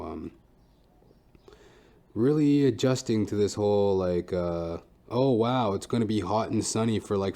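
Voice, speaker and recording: A man's voice: lowish voice, warm tone. A young man hosting a comedy podcast, rambling casually and swearing loosely. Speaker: podcast host.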